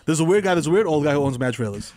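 Ny dude cohosting, loose riffing chat, kinda high voice, lots of pitch movement. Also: male voice, animated, racing, darkish tone. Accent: New York. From the Bronx, New York. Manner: loose, riffing, trails off and restarts mid-thought. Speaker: podcast co-host. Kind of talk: casual comedic chat.

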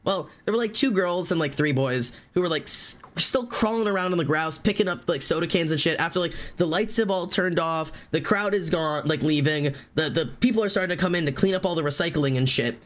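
Man, fairly high voice, casual live-stream storytelling, rambling, lots of fillers. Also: fairly bright tone. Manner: rambling, fast, full of "like" fillers and restarts.

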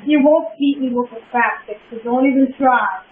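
A woman chatting casually while playing a shooter game, excitable and trash-talking with loud yelps. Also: sits high, moderate pace. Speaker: gamer. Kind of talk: casual gameplay chat. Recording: tinny lo-fi audio with echo and hiss.

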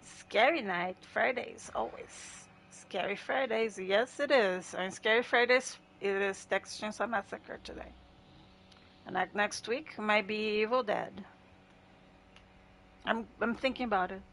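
A woman's voice: mid-range voice, a little slow, gravelly, fairly bright tone, slight background noise. A woman chatting casually with her viewers while livestreaming gameplay. She laughs often and greets people in chat by name. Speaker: gaming livestreamer.

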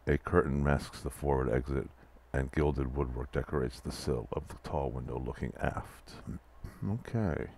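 A man with an extremely low, deep voice reads the passages of a text adventure aloud in an even way. Between passages he drops into dry, wry comments about what is going on. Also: normal speed, creaky, a little hiss or hum. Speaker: let's play player reading text aloud. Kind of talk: reading interactive fiction aloud with asides.

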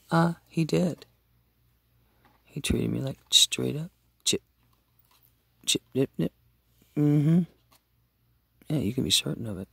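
A man rambling through an emotional monologue in a vlog, talking aloud to his late father, with his loudness swinging widely from line to line. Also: mid-range voice, vocal fry, husky, no room sound.

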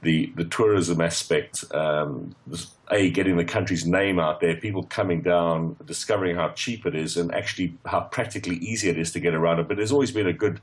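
Deep-voiced South African football pundit. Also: male voice, brisk, hardly any pauses. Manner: hesitant, many restarts and fillers. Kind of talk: radio phone-in discussion.

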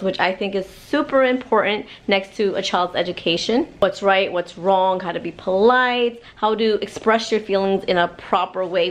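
A woman vlogging casually as a mom, chatting through a product plug and reading game cards aloud to her child. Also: medium pitch. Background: background music.

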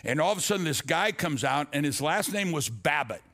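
Older man preaching a lively story sermon. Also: a little high, brisk, creaky. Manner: animated storyteller acting out dialogue, stammers and restarts. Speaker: pastor.

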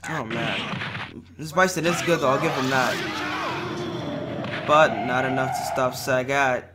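A man's voice: mid-range voice, big pitch swings, slow. A man giving offhand, wry gameplay commentary as a channel host, swearing freely. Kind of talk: casual gameplay commentary voice-over. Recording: loud noise under the voice.

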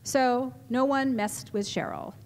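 A woman's voice: high-pitched, slow pace, a little hiss or hum. Chatty woman speaking in an echoey hall. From California, USA. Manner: animated, chatty, laughs often, with restarts. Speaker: symposium speaker. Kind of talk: storytelling presentation to an audience. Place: large hall with a live audience.

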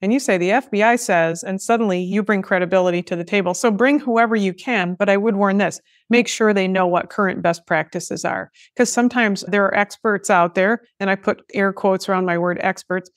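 A woman's voice: mid-range voice, no echo, studio quality. A woman hosting a podcast, talking in a chatty way with joking asides. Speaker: podcast host. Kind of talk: casual podcast conversation.

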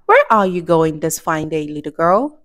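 A woman voicing a crafty, hungry male wolf in a read-aloud storybook, speaking slowly in a low, sly tone. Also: big pitch swings, fairly bright tone.

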